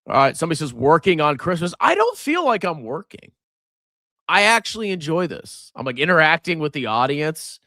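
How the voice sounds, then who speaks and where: A man's voice: fairly high pitch, very animated, moderate pace, sharp tone, no echo, studio quality. A middle-aged man hosting a finance livestream, chatting casually and sarcastically, mocking viewers and putting on silly voices. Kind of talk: casual livestream chat reading superchats.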